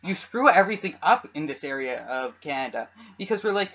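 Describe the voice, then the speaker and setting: A young man co-hosting a podcast in casual chat, wisecracking and quick to laugh. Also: fairly high pitch, expressive, fairly bright tone, dull audio. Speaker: podcast co-host.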